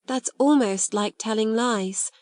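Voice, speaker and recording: A woman's voice: on the high side, takes it slowly, dry recording, clean studio sound. A woman voicing an eager, principled young girl. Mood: earnest. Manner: eager, bright girlish delivery. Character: earnest imaginative young girl, proud and principled.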